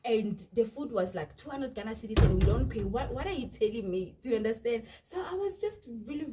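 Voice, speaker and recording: A young South African woman with a South African accent, animatedly retelling a story to her viewers in a storytime vlog. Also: a little high. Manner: animated, exasperated retelling, addresses viewers as "you guys". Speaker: vlogger.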